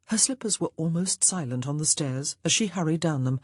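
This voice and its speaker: Breathy, low woman narrating a romance. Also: expressive, brisk, no room sound, studio quality. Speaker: audiobook narrator. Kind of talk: scripted narration.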